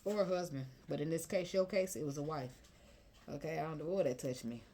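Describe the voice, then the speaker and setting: A woman's voice: deep voice, a little fast, mellow, a little hiss or hum. A woman reading tarot cards in a chatty, emotional, colloquial way. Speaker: tarot reader.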